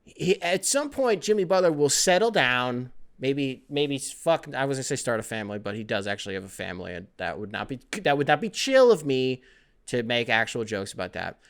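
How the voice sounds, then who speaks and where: A man's voice: medium pitch, fairly quick, clear, resonant tone. A young man hosting a casual sports podcast, rambling between topics with lots of swearing. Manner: rambling, animated, profane, jumping between topics. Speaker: podcast host.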